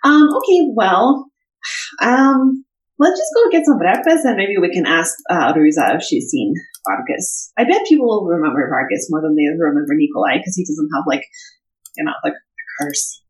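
A woman's voice: lowish voice, lively intonation, moderate pace, reverberant, low-quality recording. A woman playing a tabletop role-playing game in character, talking hesitantly with many fillers and restarts. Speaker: player.

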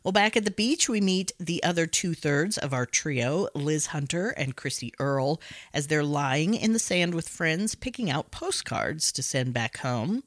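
A woman's voice: low voice, unhurried, no echo, clean studio sound. A woman hosting a podcast, recapping a horror film in a casual, jokey way with frequent laughs. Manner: animated, laughs often, jokey asides. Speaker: podcast host.

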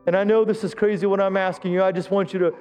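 A middle-aged man leads a Pentecostal sermon in a church, pitching his voice high as he urges the congregation to answer him. He breaks up the exhortation with jokes at his own expense. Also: level tone, fast talker, darkish tone, clear, resonant tone, faint music behind. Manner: exhorting, calls for audience response; self-deprecating humor. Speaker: pastor. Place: church sanctuary.

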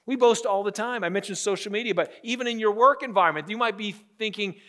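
A middle-aged male pastor delivers a sermon in a notably high voice. He talks with animation and often restarts his phrases by repeating words. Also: quick pace, a bit bright.

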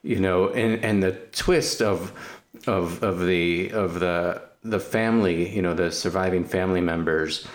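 A man with a very low voice talks through a film in a relaxed podcast chat. He circles his point with many restarts and "you know"s, thinking aloud as he goes. He speaks as a doctor reflecting on hard choices. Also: measured pace, hardly any pauses. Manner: reflective, winding sentences full of restarts. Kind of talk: casual film discussion.

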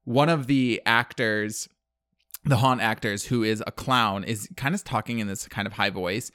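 A man's voice: on the low side, moderate pace, bright, forceful tone, no echo. A man telling a movie plot in casual chat, rambling with lots of fillers and acted-out quotes. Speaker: podcast co-host.

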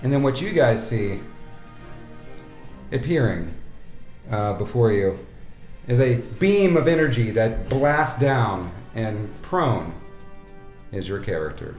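A man narrating a tabletop game as game master, in a dramatic, lively way. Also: mid-range voice, slow, long pauses. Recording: echoey room with faint music.

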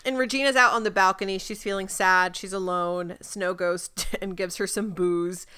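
A woman co-hosting a podcast, recapping a TV episode in casual chat with quick asides. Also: medium pitch, fairly even intonation, bright, forceful tone, smooth. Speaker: podcast co-host.

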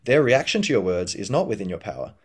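A man hosting a podcast, talking through ideas in a casual reflective monologue, rambling with many fillers and restarts, and acting out inner voices in a higher pitch. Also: sing-song, fast, husky. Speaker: podcast host.

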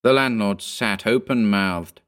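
A man reading a ghost story aloud in a measured, grave manner. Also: on the low side, fairly bright tone, clean tone. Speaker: narrator. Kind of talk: scripted ghost story narration.

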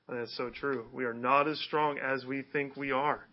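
A man's voice: mid-range voice, little pitch movement, a little fast, hardly any pauses, lo-fi sound. A man preaching a sermon in a conversational way, often asking his listeners rhetorical questions. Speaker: pastor.

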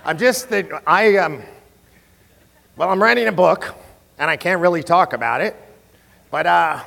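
A man's voice: high voice, unhurried, vocal fry, fairly bright tone, exaggerated voice. A man imitating a male radio host who first stammers and then rants, in an echoey hall. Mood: flustered.

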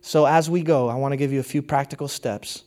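A middle-aged man preaching a sermon, earnest and conversational, dropping to a hushed voice for stories. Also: medium pitch, fairly even intonation, brisk. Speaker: pastor.

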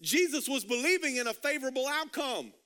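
A man's voice: very high-pitched, very animated, brisk, sharp tone, smooth. A male pastor preaching a sermon, urging the congregation on with repeated calls to write things down. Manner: urgent, repetitive exhortation with call-and-response.

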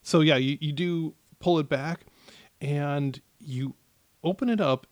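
A man narrating as game master of a tabletop game, with many pauses and restarts. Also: fairly high pitch, no room sound. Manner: hesitant, many fillers and restarts.

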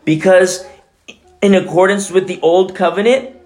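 A middle-aged man preaching a sermon as pastor, swinging between loud exclamations and hushed, near-whispered prayers. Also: high-pitched, fairly even intonation, a little slow.

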